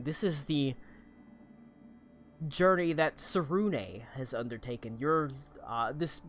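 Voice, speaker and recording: A man narrates a tabletop game as its game master. He speaks slowly, stopping and restarting, in a slightly high voice. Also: a bit bright. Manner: slow, halting narration with fillers.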